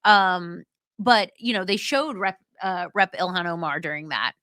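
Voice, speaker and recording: A woman's voice: lowish voice, normal speed, fairly bright tone, no room sound, clean studio sound. A woman co-hosting a live watch party, chatting casually and agreeably with plenty of fillers. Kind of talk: casual chat.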